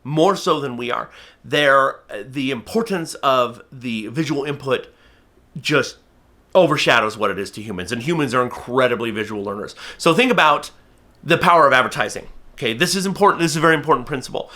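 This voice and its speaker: A man's voice: mid-range voice, fairly quick. A man teaching how to train a falcon to hop to the fist, talking to camera with emphatic energy. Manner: energetic, emphatic, acts out bird and viewer voices. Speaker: falconry instructor. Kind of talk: instructional talk to camera.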